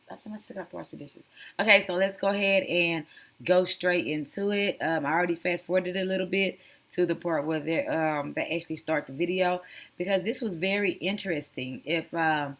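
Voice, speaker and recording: Hosting a casual reaction commentary channel, this woman speaks in a fairly low, slightly bright voice at a brisk clip. She's chatty and sassy, calling her viewers "honey" and "girl."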